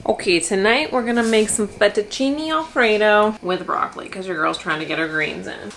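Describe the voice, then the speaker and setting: A woman's voice: mid-range voice, moderate pace, a bit bright, slight background noise, poor audio. A young woman rambling casually in a home vlog, chatty and full of fillers and asides. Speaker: vlogger. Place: home kitchen.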